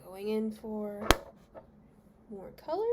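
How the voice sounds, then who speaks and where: A woman's voice: mid-range voice, expressive, slow pace, heavy background noise. A young woman, a beauty vlogger, chatting candidly through a makeup review and openly complaining about products.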